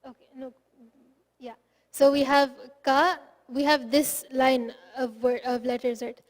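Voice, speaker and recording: A woman's voice: high voice, flat delivery, measured pace, in a large hall. A woman teaching a phonetics class, patiently explaining step by step and sounding out syllables aloud.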